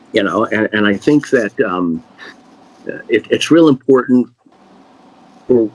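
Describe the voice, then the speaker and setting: A middle-aged man, a magician, answering questions in a relaxed, rambling way with many fillers and restarts. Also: fairly low pitch, poor audio. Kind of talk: casual conversational Q&A.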